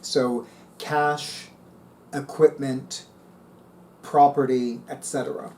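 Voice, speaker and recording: A man's voice: medium pitch, flat delivery, slow pace, a little mellow, a little hiss or hum. A middle-aged man reading tarot articles aloud and musing on them in a casual, chatty way. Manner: musing, reads aloud then comments. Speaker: tarot reader.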